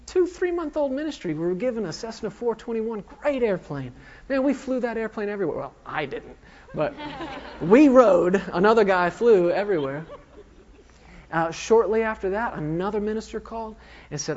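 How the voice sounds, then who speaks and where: Male minister with a high voice; a storytelling sermon testimony, self-mocking. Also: big pitch swings, normal speed, darkish tone, dull audio, slight background noise.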